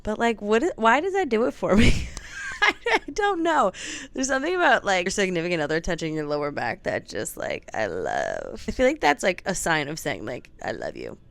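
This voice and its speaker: A woman's voice: mid-range voice, big pitch swings, a little fast, a bit bright. A young woman vlogging at home about her reading, chatty and casual, swearing freely and laughing often. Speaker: book vlogger. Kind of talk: casual reading vlog chat.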